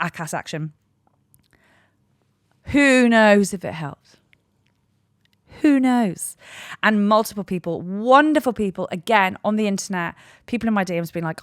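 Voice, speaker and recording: A woman's voice: lowish voice, dry recording, clean studio sound. Sweary ranting woman podcaster. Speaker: podcast host. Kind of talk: solo podcast monologue.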